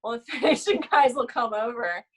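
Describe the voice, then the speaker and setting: A young woman chatting casually as a podcast guest, telling lively work stories and acting out coworkers with loud outbursts. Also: a little high, brisk, low-quality recording. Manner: animated storyteller, acts out coworkers with loud quoted outbursts.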